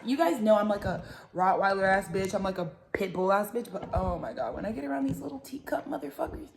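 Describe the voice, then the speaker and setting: A young woman rambles along in a loose, profane monologue, tossing off jokey asides as she warms up to read cards. Her voice sits at a medium pitch, and the room adds a noticeable echo. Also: fast talker, a crowd in the background. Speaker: tarot reader and channel host. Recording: echoey room.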